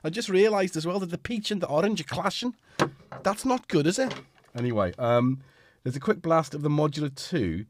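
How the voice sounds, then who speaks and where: A man's voice: a little high, animated, fairly quick. A man with a Liverpool-tinged British accent, full of cold, chatting and rambling on a casual live stream from his home studio. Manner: chatty, rambling, self-mocking. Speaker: livestream host.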